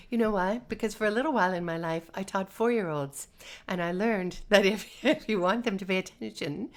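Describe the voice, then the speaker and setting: A North American woman voice teacher giving a chatty live-streamed lesson, reading viewer comments and talking in an animated, sing-song way. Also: medium pitch.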